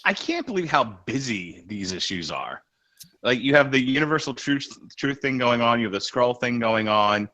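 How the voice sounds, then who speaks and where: A man with a bright, ringing voice talks comics on a podcast. He rambles casually and restarts his sentences often, his pitch sitting in the middle. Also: sing-song, normal speed, rough recording. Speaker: podcast co-host.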